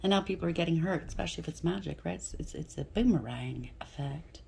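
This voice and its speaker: A woman's voice: low voice, fast talker, creaky, a little mellow, a little hiss or hum. A middle-aged woman giving a casual tarot reading, blunt and chatty, swearing freely and often checking in with "okay?". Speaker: tarot reader.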